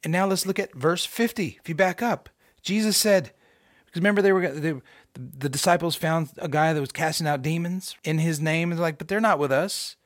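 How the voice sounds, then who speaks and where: Animated man teaching scripture. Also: fairly high pitch, a little fast, dry recording, clean studio sound. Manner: conversational, emphatic, rising to excited emphasis with rhetorical questions. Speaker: podcast host teaching scripture. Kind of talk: informal Bible teaching.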